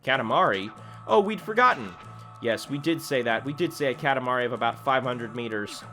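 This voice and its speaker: A man's voice: mid-range voice, lively intonation, a little fast, bright, forceful tone, soft background music. King of All Cosmos, a man doing a pompous royal voice. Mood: haughty. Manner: haughty, demanding, speaks in the royal we. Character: pompous grandiose male cosmic king, royal "we". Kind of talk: reading game dialogue aloud in a voice.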